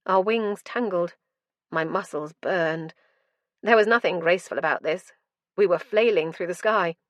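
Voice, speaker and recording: A woman with a lowish voice tells a dark fantasy story in first person, dramatic and intense. The recording is dry and close, with no room sound at all. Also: normal speed, no echo, dull audio. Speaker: audiobook narrator.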